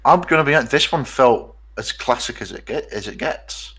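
Lively-voiced man, chatter behind him. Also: medium pitch, a little fast. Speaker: podcast co-host. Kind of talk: casual chat.

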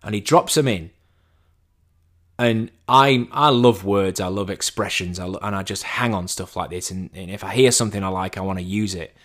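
A man telling a casual story as a monologue, animated and chatty, with a self-deprecating tone and frequent restarts. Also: sits low, moderate pace. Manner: animated, acts out quoted dialogue in a raised voice.

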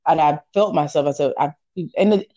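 A woman's voice: sits low, brisk, warm tone, dry recording, lo-fi sound. A woman co-hosting a podcast who talks candidly and reflects on herself in casual chat. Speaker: podcast co-host.

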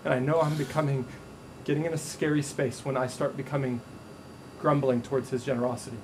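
A male pastor preaching a sermon to a congregation, animated and playful, acting out the voices in his stories. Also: medium pitch, brisk, noisy background. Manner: animated, acts out quoted voices with humor. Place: church stage before a congregation.

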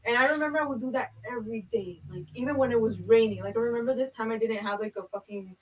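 A woman's voice: a little high, fast talker, distant mic, poor audio. A young woman telling a job story in casual chat, rambling with lots of fillers and swearing. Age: young adult. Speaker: podcast co-host.

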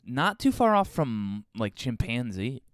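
A man co-hosting a podcast in loose, joking banter, his pitch bouncing all over the place. His voice is smooth and resonant. The sound is dry and close, with no room around it. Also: sing-song, a little slow, no room sound. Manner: playful, laughs often. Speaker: podcast co-host. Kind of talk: casual chat.

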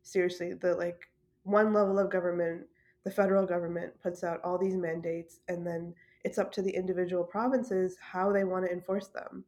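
A woman's voice: lowish voice, little pitch movement, moderate pace, a little mellow. A woman from Canada telling a story in a casual monologue, laughing often and swearing casually. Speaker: podcast host.

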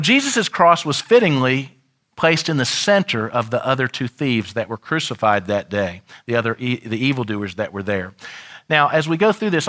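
Bright-voiced man preaching a sermon. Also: medium pitch. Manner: preaching with dramatic shifts, shouting the crowd's lines. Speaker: pastor.

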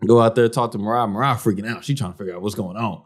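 A man's voice: lowish voice, racing. A man co-hosting a podcast, telling a story in a laid-back, slangy way, dropping "bro" and "man" into almost every line. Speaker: podcast co-host. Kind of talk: casual storytelling.

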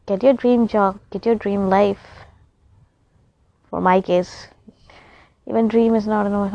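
A woman's voice: a little high, a little mellow, dry recording. A young woman vlogging in a rambling, chatty, emotional way. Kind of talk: casual chat to camera. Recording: slightly dull recording.

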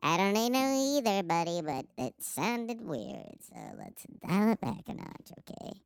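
A man putting on a high, scolding inner voice that teases him to tone it down. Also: expressive, a little slow, vocal fry, smooth, no room sound, heavily acted. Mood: chiding. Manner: teasing, scolding his own self.

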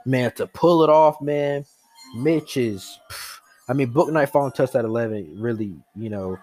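A young man talking straight to his camera in a live reaction vlog. He is excitable and gushing, and he circles back to the same happy phrases again and again. His voice sits in an ordinary middle range. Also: medium pitch, normal speed, faint music behind. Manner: excitable, repetitive, breathless with joy. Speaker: sports fan reacting live.

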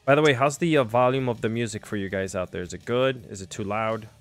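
A man's voice: lowish voice, quick pace, faint music behind. A young man hosting a casual livestream, chatty and self-deprecating, with lots of fillers. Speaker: livestream host.

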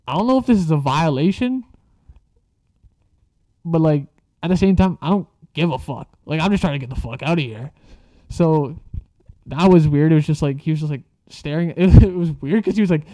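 A man's voice: a little high, warm tone, no echo. A young man telling a casual story, rambling and swearing freely, with lots of filler words. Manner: rambling, profane, filler-heavy.

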